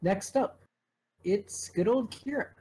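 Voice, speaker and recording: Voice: mid-range voice, slow pace, warm tone, breathy edge, rough recording. A game master narrating a tabletop game in a wry, playful way, stumbling over restarts now and then.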